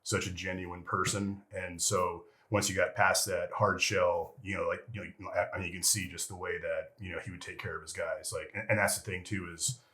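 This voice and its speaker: Deep-voiced man telling rambling war stories. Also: flat delivery, moderate pace, few pauses, pushed and bright. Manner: rambling and profane, heavy with fillers like "you know" and "freaking". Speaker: interview guest, retired military veteran. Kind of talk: casual storytelling interview.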